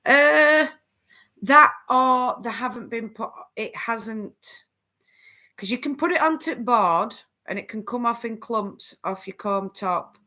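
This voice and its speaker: Slow-talking chatty woman. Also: fairly high pitch, lively intonation, bright, forceful tone. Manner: chatty, answers viewers' comments, laughs often. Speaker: host of a crafting live stream. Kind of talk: casual live-stream chat.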